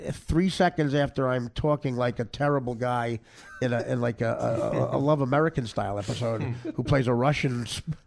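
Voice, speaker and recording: A middle-aged man hosting a comedic podcast, rambling and laughing between stories and quick impressions. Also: mid-range voice, vocal fry, a little mellow.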